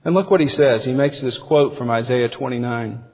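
A man preaching a sermon as pastor, animated, acting out quotes with big swings in pitch. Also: normal speed. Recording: dull lo-fi sound with long hall reverb.

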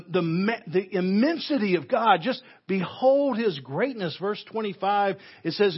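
Husky preacher with a muffled sound. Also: male voice, high-pitched. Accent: Southern US. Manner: emphatic preaching, swinging between loud stresses and hushed, slow phrases. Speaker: pastor. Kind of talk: sermon. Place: church sanctuary.

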